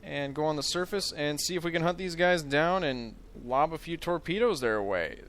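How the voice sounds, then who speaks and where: A man's voice: on the high side, normal speed, a bit bright. A man from the United States giving casual let's play commentary, thinking aloud in a rambling, self-mocking way.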